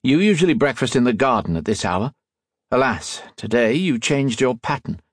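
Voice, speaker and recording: A man voicing a calm, menacing impostor with a pistol, hoarse and clipped, a little higher than his own voice. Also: moderate pace, dry recording, clean studio sound. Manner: clipped, even, threatening.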